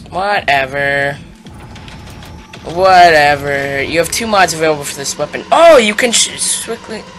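A young man giving casual, rambling commentary on a shooter game, mocking himself and loudly taunting the enemies. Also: a little high, a little hiss or hum. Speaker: gaming YouTuber. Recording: game music playing behind the voice.

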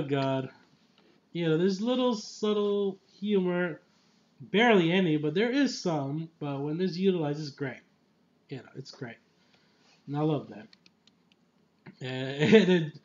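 Rambling, excitable man reviewing a film. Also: fairly high pitch, a little slow, long pauses, muffled recording. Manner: rambling and enthusiastic, many fillers and restarts; laughs often mid-sentence. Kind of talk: casual spoiler movie review.

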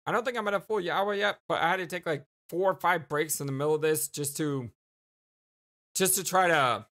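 A woman hosting a let's play, reading the game text aloud and chatting with viewers. She is stuffy and congested, giggly, and signs off with warm, affectionate words. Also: low voice, fairly quick.

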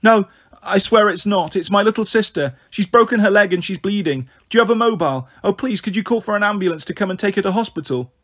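A man's voice: on the high side, lively intonation, a little fast, slightly rough. Man doing a scared, pleading big sister. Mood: anxious pleading. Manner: pleading, comforting. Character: frightened young girl, anxious big sister.

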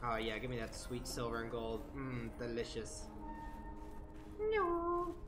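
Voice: mid-range voice, huge pitch swings, unhurried, music in the background. A streamer giving casual, chatty commentary over a game, swearing often and joking. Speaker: gaming streamer.

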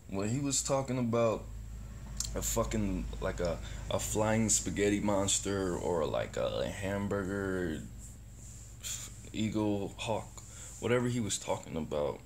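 Speaking to camera in a deep voice at a measured pace with long pauses, a man vlogs casually about positivity. He rambles and curses, with occasional animated bursts, and there is a little hiss or hum in the audio.

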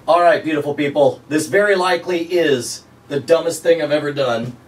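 A man chatting casually on an indoor video set, relaxed with fillers and laughs, recorded from a distance. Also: fairly high pitch, normal speed, slight background noise. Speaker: performer and host recording lines. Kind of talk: casual setup talk on a video shoot. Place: indoor video set under studio lights.

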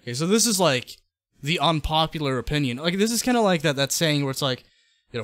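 A man with a fairly high voice hosts a loose podcast chat, rambling through clips with plenty of restarts and casual swearing. He is close to the mic in a dry, dead room. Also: animated, quick pace, fairly bright tone, no room sound. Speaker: podcast host presenting clips.

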